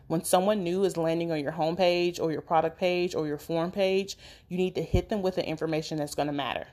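A female business coach with a lowish, steady, somewhat dark voice gives brisk, practical and direct instruction on running a business website, dropping in the occasional filler.

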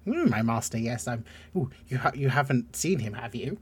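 A man's voice: mid-range voice, lively intonation, normal speed, husky. A man voicing a tiny, damp, frog-like male creature who is timid and polite and stammers a lot. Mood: eager. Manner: hesitant, stammering.

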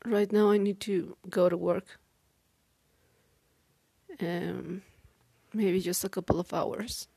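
A woman talking through a halting, weary personal diary monologue, with many restarts. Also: on the low side, fairly even intonation, gravelly, warm tone, slightly rough, no echo. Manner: weary, downcast. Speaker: podcaster.

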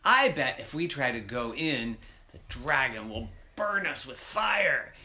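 Brave little girl in a bedtime story, calm and reassuring, slow and bright, as the narrator voices her. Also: mid-range voice, heavily acted. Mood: hushed. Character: brave young girl adventurer.

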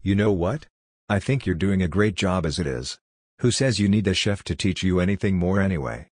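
A man's voice: low-pitched, a little fast, a little mellow, no room sound. A man voicing a sardonic, teasing talking rice cooker in a storybook reading. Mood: chiding. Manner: dry, teasing, chiding.

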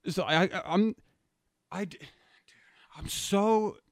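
A man's voice: high voice, slow pace, no room sound, clean studio sound. A young man telling a personal story casually, rambling and slangy, saying "dude" often and restarting his sentences.

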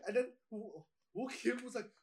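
A man's voice: very high-pitched, moderate pace, roomy sound, distant mic, a loud crowd. A young man telling school stories in casual chat, swearing and laughing as he goes. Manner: animated, laughing, swearing storyteller.

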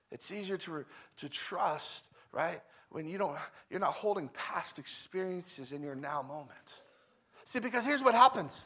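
A man, a guest preacher in his thirties or forties, giving a conversational sermon with personal stories, repeating phrases emphatically and swinging from loud declarations to hushed, quiet stretches. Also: fairly high pitch, animated, normal speed.

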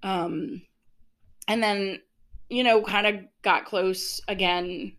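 A woman's voice: medium pitch, steady tone, takes it slowly, a bit bright. A woman in her fifties co-hosting a podcast, talking candidly in casual chat, laughing often and acting out what people said. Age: 50s. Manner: candid, laughs often, acts out past dialogue. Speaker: podcast co-host.

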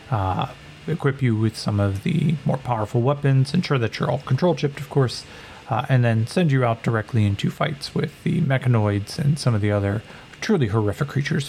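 A man's voice: mid-range voice, vocal fry, a little mellow, a little hiss or hum, close to an everyday voice. A man voicing a cold, calculating female Atlantean scientist who lectures in a clinical, condescending way.

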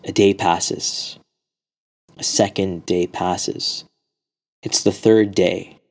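A preacher telling a religious story in a sermon, slipping into the voices of the people in it. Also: male voice, low voice, level tone, extremely slow, a little mellow. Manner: dramatic storyteller acting out quotes.

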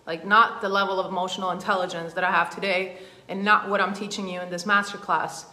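A woman's voice: medium pitch, flat delivery, fast talker, bright, forceful tone, reverberant. A woman coach telling a personal story in a masterclass, conversational and rambling with restarts. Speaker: emotional intelligence coach.

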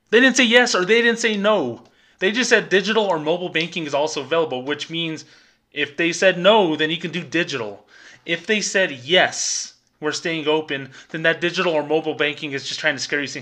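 Sarcastic ranting man with a bright edge. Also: high-pitched, a little fast. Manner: sarcastic, exasperated, mocking corporate phrasing. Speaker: podcast host, former bank employee. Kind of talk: ranting commentary.

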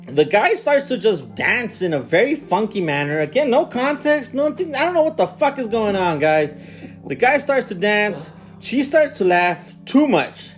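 A man on a casual podcast recaps a bizarre film with disbelief. His voice swings widely up and down and sits a little high. A faint guitar plays behind him. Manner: animated, incredulous storytelling with swearing. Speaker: podcast co-host. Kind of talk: casual movie recap chat.

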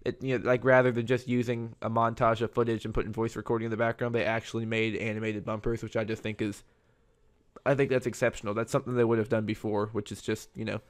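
A man's voice: on the low side, level tone, fast. A man hosting his own podcast, talking alone in a rambling, conversational way. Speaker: podcast host. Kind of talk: casual solo podcast monologue.

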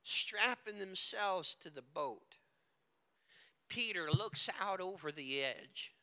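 Male preacher, dramatic sermon, very high bright voice, echoey hall. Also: expressive, takes it slowly. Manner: dramatic, swinging between hushed and loud. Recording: echoey hall with long reverb.

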